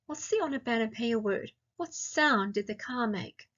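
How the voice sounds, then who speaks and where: An Australian woman teaching a grammar lesson to young children, speaking slowly and clearly and asking lots of questions. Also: a little high, animated, a bit bright. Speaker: primary school teacher. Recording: dull lo-fi sound.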